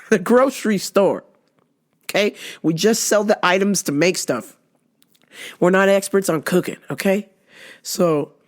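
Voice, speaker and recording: A woman vlogger ranting through a workplace story, profane and animated, hoarse from a cold. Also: low voice. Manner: profane, animated, laughing often. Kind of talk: casual storytelling rant.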